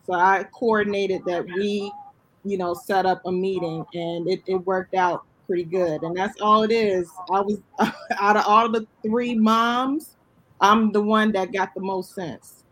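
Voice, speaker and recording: A man's voice: high-pitched, steady tone, measured pace, fairly bright tone, low-quality recording. A man, a guest, telling a personal story in plain, earnest talk. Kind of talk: casual chat.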